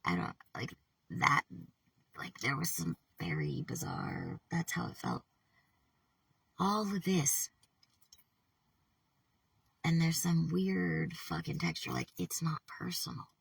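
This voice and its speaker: Deeply gravelly, rough and breathy, this vlogger's voice swoops wildly in pitch and has a fairly bright tone. She sits back from the mic in a dry, dead-sounding room, rambling to the camera about personal matters. Halting and profane, she breaks off mid-sentence and slips into whispers.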